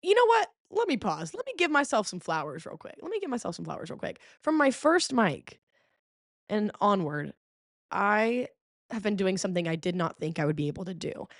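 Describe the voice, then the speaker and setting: A woman hosting a podcast in casual chat, telling stories expressively, full of "okay?" and "like", with sudden jumps in pitch. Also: big pitch swings, a little fast, no room sound, studio quality. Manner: frequent fillers like "okay?" and "like". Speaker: podcast host.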